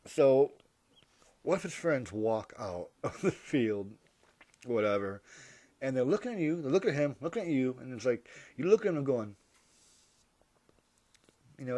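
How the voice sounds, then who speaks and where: A man's voice: medium pitch, expressive, normal speed, pauses often, warm tone, no echo. Rambling man musing aloud, dry sound. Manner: rambling, hypothetical, self-interrupting. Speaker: vlogger. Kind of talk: rambling comedic monologue.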